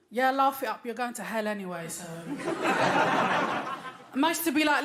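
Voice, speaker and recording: A woman's voice: fairly high pitch, fairly quick. Cheeky London woman doing stand-up. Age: 30s. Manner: cheeky, slangy, teasing the crowd. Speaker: stand-up comedian. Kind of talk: stand-up comedy set. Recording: loud crowd and noise, live club. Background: laughing audience.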